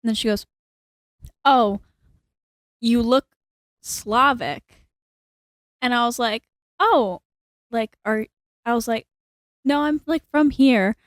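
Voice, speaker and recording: A teenage girl telling a story in a casual podcast chat, animated, full of "like" and acted-out dialogue. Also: a little high, slow, pauses often, no room sound, studio quality. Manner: animated, lots of "like", acts out quoted dialogue.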